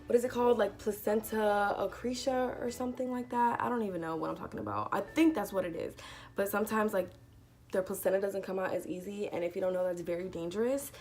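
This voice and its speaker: A young woman vlogger chatting casually through a storytime, animated and full of "like". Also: medium pitch. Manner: chatty, animated retelling with lots of "like".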